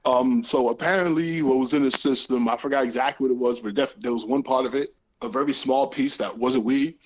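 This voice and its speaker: A young man co-hosting a podcast, telling a story casually with lots of laughter and profanity, acting out the people he quotes in loud voices. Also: mid-range voice, fairly quick. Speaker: podcast co-host.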